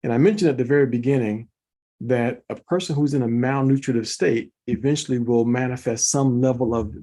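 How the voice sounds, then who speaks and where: A man's voice: medium pitch, normal speed, a little mellow. A man hosting an informal online presentation, talking viewers through slides with enthusiasm, repeating words for emphasis and calling them folks. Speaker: host presenting product commentary.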